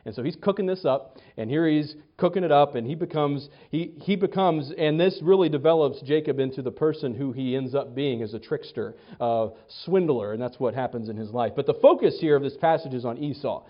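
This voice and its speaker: A man preaching a sermon in an animated way, stumbling over and repeating words and acting out the quotes he reads. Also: mid-range voice, a little fast, few pauses. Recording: dull lo-fi sound.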